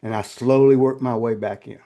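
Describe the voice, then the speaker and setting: Telling personal stories in an interview, an older guest speaks with a medium pitch and a steady tone. His delivery is halting with repeated words, and he turns quiet and choked in emotional moments.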